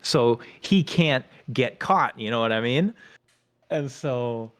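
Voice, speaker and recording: A man co-hosting a podcast, telling a lively story about his days as a Marine and acting out his drill instructors. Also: mid-range voice, slow pace. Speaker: podcast co-host; former Marine. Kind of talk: casual storytelling chat.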